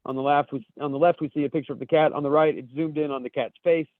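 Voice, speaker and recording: A man's voice: fairly high pitch, steady tone, quick pace, dry recording. A man co-hosting a podcast, reading memes aloud in casual chat, loose and swearing, laughing at his own jokes. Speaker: podcast co-host. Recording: dry, tinny phone-like audio over a call.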